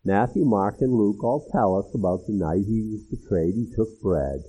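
A man preaching an expository sermon as pastor, animated and acting out the people in the text. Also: on the low side, normal speed, breathy edge. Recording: tinny phone-like sound.

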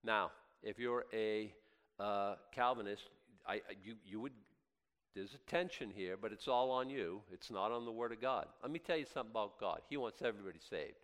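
A man preaching a sermon as pastor, impassioned and swinging from loud highs to quiet asides, often stammering and restarting. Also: a little fast. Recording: long hall reverb.

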